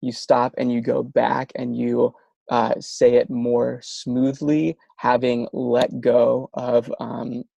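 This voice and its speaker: A man's voice: medium pitch, little pitch movement, takes it slowly, vocal fry, dark tone, no echo, lo-fi sound. A man in an interview, explaining speech therapy techniques while stuttering with frequent sound repetitions and restarts. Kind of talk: conversational explanation.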